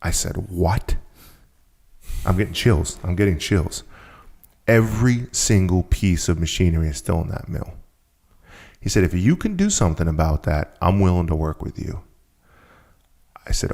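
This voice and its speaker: A man's voice: low voice, gravelly, mellow. A man talking as a podcast guest, telling a story and acting out the people he quotes. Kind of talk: storytelling conversation.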